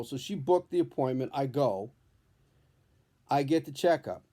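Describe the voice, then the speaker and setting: A man who is a comedian, telling a personal story at home in a candid, profane, animated storytelling way. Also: medium pitch, moderate pace. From New Hampshire. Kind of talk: storytelling vlog. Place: his home, indoors.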